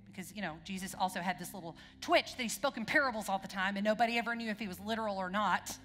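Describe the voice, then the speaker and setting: Bright-voiced woman preaching in reverberant hall. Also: mid-range voice, fast. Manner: conversational, asks the congregation questions. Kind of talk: sermon. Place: church sanctuary. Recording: long hall reverb with faint music.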